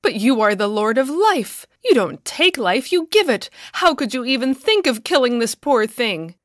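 A woman reads the part of a distraught woman in a spoken storybook, pleading and crying out. Her voice climbs high in anguish. The sound is close and dry. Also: very animated, normal speed, fairly bright tone, no echo. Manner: pleading, emotional, rising outbursts. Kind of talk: storybook reading.

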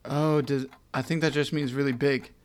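A man's voice: mid-range voice, little pitch movement, normal speed. A man playing a trivia game with friends, listing answers with many fillers and joking along. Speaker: quiz contestant. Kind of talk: casual game chat.

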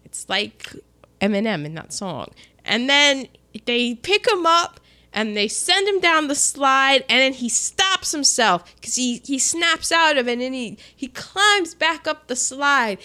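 Lively high-voiced woman chatting. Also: unhurried. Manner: animated, acts out scenes in voices. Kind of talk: casual chat recapping a film.

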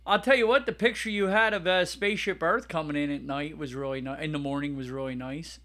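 A man co-hosting a casual podcast chat, excitable and rambling, breaking into loud laughs. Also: a little high, fairly quick. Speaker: podcast co-host.

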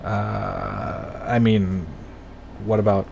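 A young man co-hosting a podcast in casual chat, with a hesitant, dry, deadpan humor. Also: fairly low pitch, drawn-out words, vocal fry, slight background noise. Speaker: podcast co-host.

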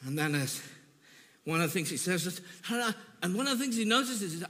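A man preaching a sermon, telling his own testimony earnestly and emotionally, with halting repeats. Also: high voice, lively intonation, a bit bright, big-room sound.

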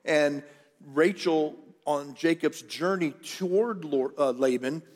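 Chatty middle-aged pastor in an echoing hall. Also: male voice, on the high side, takes it slowly. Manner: chatty, jokey asides to the congregation. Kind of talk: conversational sermon storytelling. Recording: long church hall reverb.

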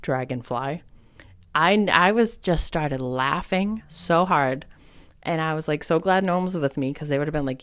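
A woman hosting a solo spiritual podcast, telling personal stories in a chatty, animated way with lots of fillers. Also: low voice, normal speed, no echo. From New England. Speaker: podcast host and medium.

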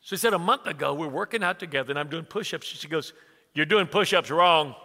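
A man, preaching a conversational sermon full of stories, swinging from hushed asides to loud bursts. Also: a little high, animated, fast talker. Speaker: pastor. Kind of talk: sermon with storytelling. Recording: reverberant church hall.

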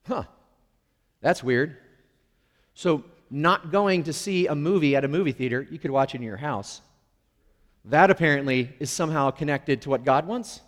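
A man's voice: a little high, expressive, moderate pace, pauses often, a bit bright. A middle-aged male pastor giving a conversational, candid sermon with playful, self-deprecating asides. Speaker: lead pastor. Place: church sanctuary. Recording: long reverb of a large hall.

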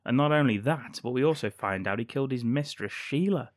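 A man's voice: medium pitch, a little fast, dry recording. A man co-hosting a podcast, recounting a film plot in a dry, joking way with frequent laughs. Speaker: podcast co-host. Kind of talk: casual chat recapping a film plot.

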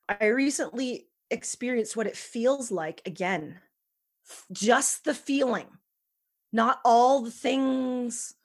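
With a husky voice on the high side, a woman appears as a podcast guest in a relaxed interview. She speaks earnestly and with emphasis, occasionally dropping to a near-whisper.

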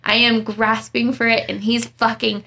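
A young woman telling a story in casual chat, animated and dramatic, laughing as she goes. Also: on the high side, normal speed, gravelly, a little hiss or hum. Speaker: storyteller guest.

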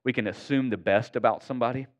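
Speaking quickly at a medium pitch, this man is a pastor delivering an earnest, conversational sermon and frequently checking in with his listeners. The high frequencies of the recording are cut off.

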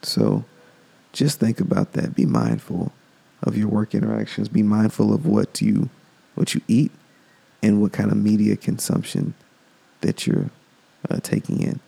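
A man's voice: fairly low pitch, a little slow, gravelly, pauses often, mellow, slightly rough. A man hosting a podcast, talking in a loose, rambling casual monologue. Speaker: podcast host.

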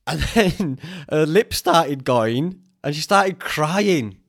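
A young man with a Northern English accent hosts a podcast, his voice on the high side, animated, slow and creaky. He rambles through stories in a casual, chatty way, swearing freely.

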